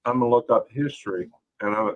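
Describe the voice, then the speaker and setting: A man's voice: medium pitch, fast talker, muffled recording. A man hosting a casual late-night livestream, rambling in a folksy way and greeting viewers by name. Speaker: livestream host.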